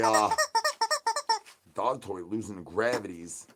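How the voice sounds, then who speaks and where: Yo a young guy streaming in a costume, talks silly slang nonsense, swings loud to low and mumbly. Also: lively intonation, measured pace, long pauses, very noisy. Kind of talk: rambling improvised livestream banter.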